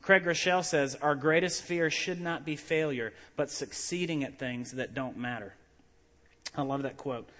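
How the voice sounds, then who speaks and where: Lively man preaching a sermon. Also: on the high side. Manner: animated storytelling with laughs and acted-out voices. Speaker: pastor.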